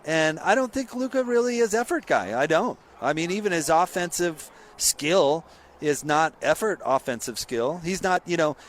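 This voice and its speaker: A man hosting a sports radio show, giving blunt, sarcastic opinions in an animated rant. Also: a little high, moderate pace, a little hiss or hum.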